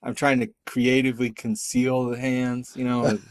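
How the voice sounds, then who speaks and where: Man, middle-aged, casual interview guest, lively and self-mocking, medium pitch, dry close sound. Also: moderate pace, clean tone, no echo. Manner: animated, self-deprecating, acts out quoted voices. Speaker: guest, storyteller and artist.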